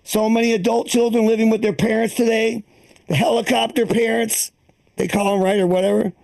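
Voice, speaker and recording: A high-pitched, gravelly older man in his sixties works through a stand-up set, swearing freely and rambling from bit to bit. He slips into the voices of the people in his stories as he goes. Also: flat delivery, a little fast, a little mellow. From Boston area. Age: 60s. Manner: profane, rambling, acts out quoted voices. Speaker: stand-up comedian. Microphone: streamed online comedy show.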